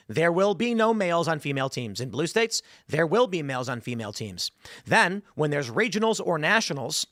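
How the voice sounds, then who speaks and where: Intense high-voiced male political host. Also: dry recording, studio quality. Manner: intense, argumentative, builds to loud emphatic peaks. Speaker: podcast host. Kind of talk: political talk show commentary.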